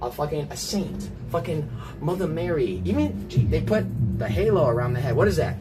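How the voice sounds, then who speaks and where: A man livestreaming from his apartment, rambling through profane, animated stories in casual chat. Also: fairly high pitch, fairly quick. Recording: loud music playing under the voice.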